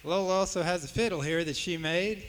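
A man's voice: sits high, brisk, very noisy. A man, emceeing an old-time music show on a stage microphone, in an easygoing, folksy manner. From West Virginia. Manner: folksy, easygoing, with homespun phrasing. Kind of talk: live stage announcing. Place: hall at a live music event. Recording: echoey hall with long reverb.

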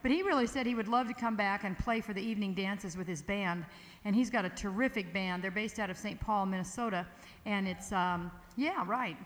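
At a music camp's evening dance, a woman serves as emcee, her medium-pitched voice brisk as she rambles playfully and casually while bringing on a band. The audience fills a large hall, and the echoey recording carries ambient noise.

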